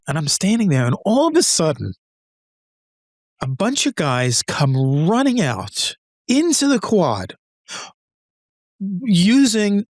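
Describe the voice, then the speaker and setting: Animated older male storyteller, dry sound. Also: sits high, no echo. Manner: animated storyteller, acts out dialogue, laughs often. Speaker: guest, retired engineer. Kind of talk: conversational storytelling.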